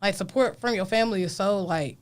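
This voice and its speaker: A woman's voice: mid-range voice, a little fast. A woman hosting a podcast, who asks her guest probing questions and talks bluntly with lots of swearing. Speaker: podcast host. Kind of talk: casual podcast chat.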